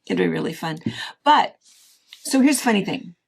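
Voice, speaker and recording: A woman's voice: medium pitch, lively intonation, moderate pace, creaky, slight background noise. A middle-aged woman co-hosting a casual chat, rambling and telling stories with many restarts. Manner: chatty, rambling, warm storytelling with restarts. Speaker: co-host of a quilting shop chat show.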